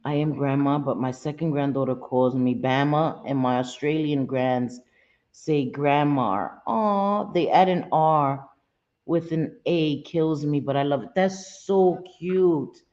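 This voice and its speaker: A woman's voice: sits low, slow pace, a little mellow, highs cut off. A middle-aged woman hosting a casual live chat, talking in a loose, chatty way and often laughing. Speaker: livestream host.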